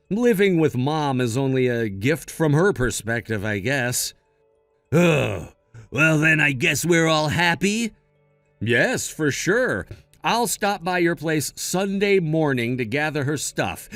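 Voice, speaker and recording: A man's voice: fairly high pitch, fairly bright tone, dry recording. A man voicing a level-headed, protective son in a read-aloud text-message story, firm and matter-of-fact. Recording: dry close mic with faint music.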